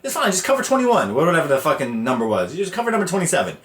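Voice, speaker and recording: A man's voice: on the high side, big pitch swings, racing, fairly bright tone. A man voicing a coaxing assistant coach who reassures a player, in an echoey room.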